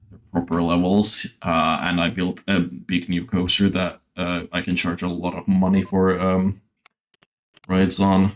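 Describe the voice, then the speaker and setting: A man streaming a theme-park building game, chatting casually with lots of fillers and the odd swear. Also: deep voice. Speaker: gaming streamer. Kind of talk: casual gameplay commentary. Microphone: desktop mic.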